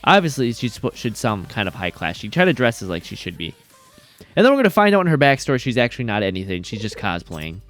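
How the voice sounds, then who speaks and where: Guy streaming a game, goofy rambly chat, bouncy voice, soft music under. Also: lowish voice, sing-song, fast talker. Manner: rambling, jokey, reacting to chat. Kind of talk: casual gaming stream chat.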